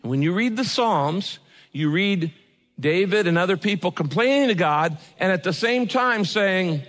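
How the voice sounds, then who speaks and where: A male pastor preaching a sermon, swinging from loud pleading prayers to hushed, earnest asides. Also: sits high, lively intonation, unhurried. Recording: music under the voice, long hall reverb.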